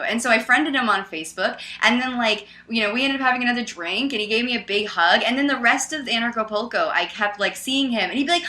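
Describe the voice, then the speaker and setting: A woman co-hosting a podcast, telling a casual story in an animated, loud way with many "like"s and "um"s. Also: on the high side, fast talker, few pauses. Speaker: podcast co-host.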